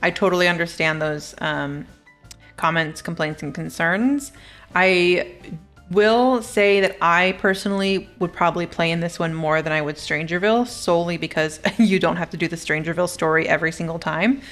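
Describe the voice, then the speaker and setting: A woman's voice: lowish voice, steady tone, normal speed, fairly bright tone, faint music behind. A young woman YouTuber reacting to a game trailer in a bubbly, chatty way, gasping and giggling as she talks. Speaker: gaming YouTuber.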